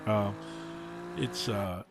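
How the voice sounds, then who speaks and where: A man from the United States giving relaxed color commentary on a sim race, rambling with ums and you-knows. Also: fairly low pitch, very slow, vocal fry, slight background noise. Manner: chatty, rambling with um and you know.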